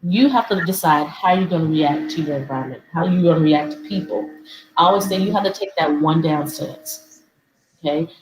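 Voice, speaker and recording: A woman's voice: low voice, fairly quick, reverberant, poor audio. A woman hosting a talk show, speaking emphatically and repeating key phrases. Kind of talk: casual talk show conversation.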